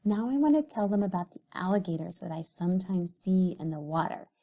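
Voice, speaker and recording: A woman teacher giving a recorded writing lesson to young children, speaking slowly and sounding out syllables and letters. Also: lowish voice, animated, mellow. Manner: slow, sing-song, sounds out syllables and letters.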